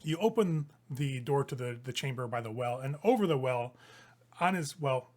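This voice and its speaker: A man's voice: medium pitch, expressive, normal speed, a little mellow. A man running a tabletop game as game master, describing scenes casually and loosely.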